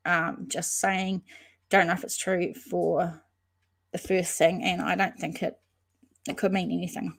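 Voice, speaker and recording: A woman hosting a casual true-crime livestream, reading viewer comments aloud and answering chatters by name, thinking aloud with frequent pauses and restarts. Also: fairly low pitch, flat delivery, vocal fry.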